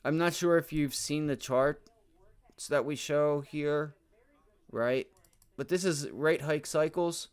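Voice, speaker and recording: A man hosting a live day-trading stream, talking casually to viewers while reading charts, muttering, cursing at his software and tossing in "right?" and "my friend" all the time. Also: on the high side, slow, clean tone. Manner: repeats filler words like right and my friend. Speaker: livestream day trading host.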